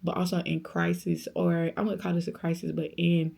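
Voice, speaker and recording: A young woman tells a personal story straight to camera in a relaxed, chatty vlog. Her voice sits a little low, with a gravelly fry, and she slips into other people's voices as she tells it. The talk is warm with faith and easygoing in rhythm. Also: normal speed. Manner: animated storyteller, acts out quoted voices; faith-filled, speaks of God, conversational. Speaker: vlogger. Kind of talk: storytime vlog, casual chat.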